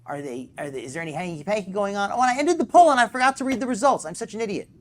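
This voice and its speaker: A man's voice: sits high, expressive, racing. A man hosting a live stream, rambling and sarcastic, poking fun at himself. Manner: rambling, sarcastic, self-deprecating.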